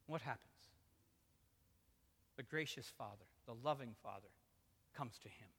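A male pastor preaching a lively sermon, telling the story with feeling and acting out the quotes, moving between loud and hushed. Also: medium pitch, unhurried, husky, in a large hall. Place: church sanctuary.

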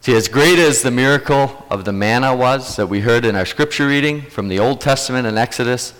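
A man's voice: mid-range voice, a little fast, fairly bright tone, clean tone, long reverb tail, rough recording. A man preaching a sermon as a pastor, earnest and emphatic, repeating key phrases to drive them home.

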